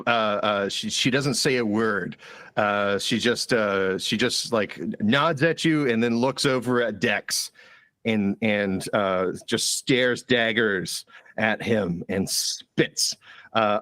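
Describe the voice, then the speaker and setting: A man narrating a tabletop role-playing game as game master, halting with many fillers and repeated words. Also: lowish voice, fairly bright tone, dry recording.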